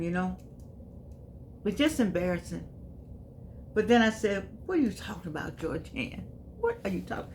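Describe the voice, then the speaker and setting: A woman's voice: medium pitch, a little hiss or hum. A woman in her eighties giving a casual spoken reflection, folksy and emphatic, often repeating herself. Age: 80s. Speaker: vlogger.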